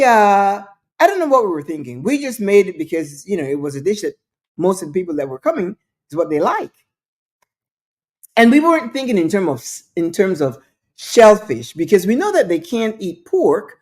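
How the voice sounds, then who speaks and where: A woman's voice: mid-range voice, darkish tone. A woman hosting her own show, telling a story in a chatty, skeptical way with frequent restarts and asides. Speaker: show host. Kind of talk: casual storytelling monologue.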